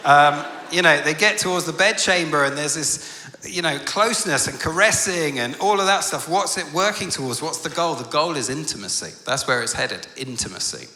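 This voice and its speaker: Guy preaching at a conference, earnest then lively in the stories, big echoey hall. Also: fairly high pitch, moderate pace, a little hiss or hum. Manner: earnest, turns animated and loud when telling stories. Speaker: conference speaker. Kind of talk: storytelling sermon.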